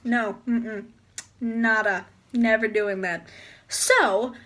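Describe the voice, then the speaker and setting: A woman's voice: fairly high pitch, steady tone, drawn-out words, fairly bright tone. A young woman telling a story in a casual vlog, rambling and chatty with lots of filler words. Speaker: vlogger.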